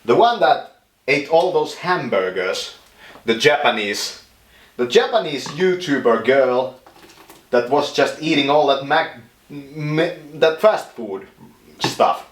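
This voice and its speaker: Slow, rambling man in echoey kitchen. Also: mid-range voice, lively intonation. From Finland. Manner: joking, rambling, laughs often. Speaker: vlogger. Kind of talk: rambling casual monologue. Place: home kitchen, indoors.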